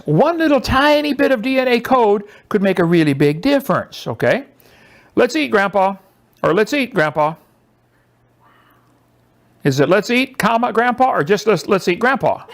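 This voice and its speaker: High, lively sarcastic male lecturer. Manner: sarcastic, mocking; animated, emphatic delivery. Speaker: presenter. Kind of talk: lecture to a small audience.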